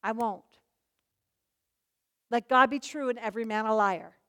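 Woman preacher, high voice, emphatic, loud declarations and hushed asides. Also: measured pace. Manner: emphatic, swings between loud declarations and soft low asides. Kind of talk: sermon.

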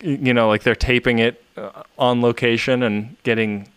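A man co-hosting a podcast, talking in a hesitant, halting way. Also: mid-range voice, fairly even intonation, clean tone, no room sound. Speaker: podcast co-host. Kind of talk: casual chat.

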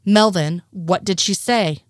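A woman's voice: on the low side, slow pace, dry recording, studio quality. A woman reading the lines of an exasperated male FBI agent in her own voice.

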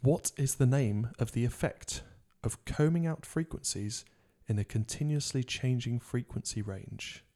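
Man, podcast host and quizmaster, jokey, mid-pitched voice. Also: unhurried, few pauses, mellow. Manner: jokey, laughs often, reads questions out. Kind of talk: casual podcast quiz.

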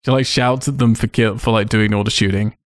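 A man's voice: on the low side, steady tone, brisk, no echo, clean studio sound. A man hosting a casual podcast, retelling a film's scenes with swearing and laughs. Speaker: podcast host. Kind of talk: casual film review chat.

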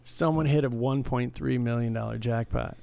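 A man's voice: mid-range voice, moderate pace, creaky, warm tone, clean tone. A man co-hosting a podcast, telling rambling stories in casual chat, with many restarts. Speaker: podcast co-host.

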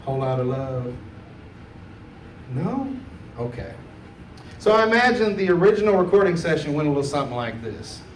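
A man's voice: fairly high pitch, big pitch swings, moderate pace, pauses often, slight background noise. A man doing a laid-back, chatty stand-up set on a comedy club stage, laughing at his own jokes. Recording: roomy club sound from a distance.

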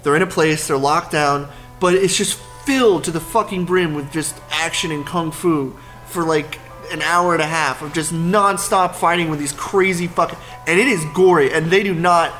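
A high-voiced man co-hosting a podcast in loose, casual chat. He tells his stories with animation and swears freely. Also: normal speed, hardly any pauses, faint music behind. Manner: swears a lot, animated storytelling. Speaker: podcast co-host.

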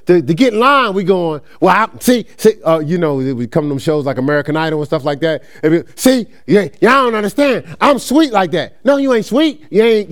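A male pastor preaches a lively sermon in a loose, conversational way, his high voice leaping through expressive swings. Animated throughout, he acts out quick dialogues and often laughs along with his own points.

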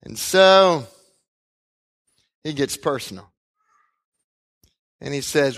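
Slow-talking preacher retelling a story. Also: male voice, on the high side. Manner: animated storytelling, acting out the characters. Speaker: pastor. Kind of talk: sermon.

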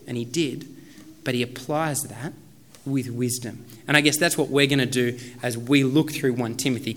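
A man's voice: mid-range voice, a bit bright. A man in his thirties preaching a sermon as a pastor, in a casual, conversational way with many fillers.

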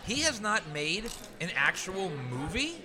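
A man's voice: high voice, big pitch swings, a little slow, crowd noise. A man co-hosting a casual podcast, ranting with profanity and repeating himself. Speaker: podcast co-host.

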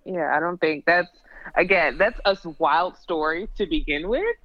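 Blunt, animated woman in dull dry audio. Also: on the low side, normal speed, no room sound. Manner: blunt, animated, laughs while telling stories. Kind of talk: casual podcast chat.

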